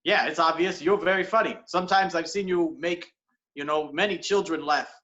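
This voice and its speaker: Bright-voiced man doing deadpan improv. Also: a little high, moderate pace. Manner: earnest and absurd, playing a cop. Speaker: improv performer. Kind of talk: improvised comedy scene. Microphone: video call. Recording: dull lo-fi video call audio.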